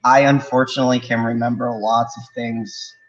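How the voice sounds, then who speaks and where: A man's voice: mid-range voice, level tone, moderate pace, highs cut off. A man who teaches martial arts, chatting casually as a guest and ranting in a laid-back way. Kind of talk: casual fan chat.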